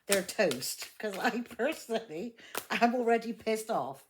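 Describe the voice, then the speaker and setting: A woman's voice: a little high, expressive, a little slow, background noise. A woman giving a casual tarot reading, blunt and exasperated, swearing heavily and laughing often. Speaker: tarot reader.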